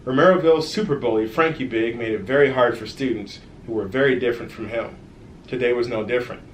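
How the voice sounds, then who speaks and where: At a quick pace, a middle-pitched man performs his own children's story with warmth and energy, breaking off at times to address the kids directly. A faint hiss runs beneath the audio, and the space sounds echoey.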